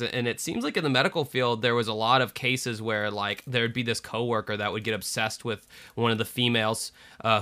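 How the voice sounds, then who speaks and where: A man from the American South trades opinions on a casual podcast, cursing freely. His voice is bright and forceful. He talks with lively animation and now and then slips into a mocking drawl. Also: medium pitch, clean tone. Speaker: podcast co-host. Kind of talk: casual chat.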